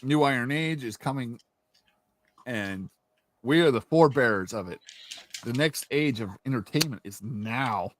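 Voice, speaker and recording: Profane, animated man ranting. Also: medium pitch, unhurried, long pauses, slight background noise. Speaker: indie author and channel host. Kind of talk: casual ranting monologue.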